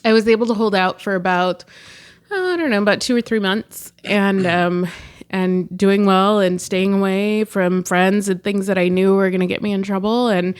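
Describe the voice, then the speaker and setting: A woman guest opens up about her past in a conversational faith testimony. She talks freely with plenty of fillers, often breaking into a laugh between thoughts. Her voice sits at an ordinary middle pitch. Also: moderate pace, clear, resonant tone. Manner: open, frequent laughs and fillers. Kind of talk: candid personal testimony in conversation. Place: studio interview in Fresno.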